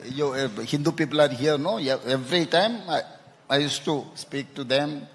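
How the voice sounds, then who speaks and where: A chief minister interviewed on a conference hall stage answers panel questions in a slightly high, somewhat bright voice, while a big hall's long echo lingers behind him. He speaks haltingly, stumbling, repeating words, and ending remarks with "no?".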